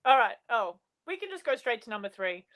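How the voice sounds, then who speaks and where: A woman's voice: fairly high pitch, very animated, fairly quick, fairly bright tone. A woman playing a brash, bossy survivalist in an improvised comedy show, teasing and giving orders.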